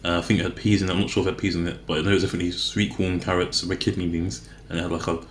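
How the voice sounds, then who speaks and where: Talking to the camera as he eats, a man rambles in a chatty, self-correcting way, often revising mid-sentence. His low-pitched delivery is flat and racing, captured in an echoey room with a little hiss or hum.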